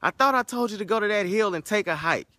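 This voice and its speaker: A man's voice: high-pitched, expressive, fast, bright, forceful tone, no room sound, voice pushed up. A man voicing a rude taxi driver who teases an old man in a spoken story. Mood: taunting. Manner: mocking, teasing.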